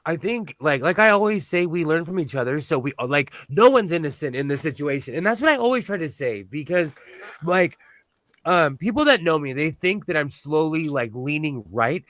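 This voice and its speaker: A man's voice: fairly high pitch, expressive, moderate pace, fairly bright tone, no room sound. A man chatting casually on a show, blunt and talkative with a self-deprecating streak. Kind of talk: casual chat. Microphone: on-camera mic.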